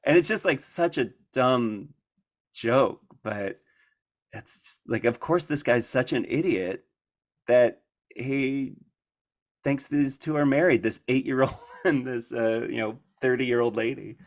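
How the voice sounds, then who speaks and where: A male conference speaker with a mid-range voice fields questions from the audience at an unhurried pace. His answers are loose and rambling, punctuated by frequent laughter and restarted sentences.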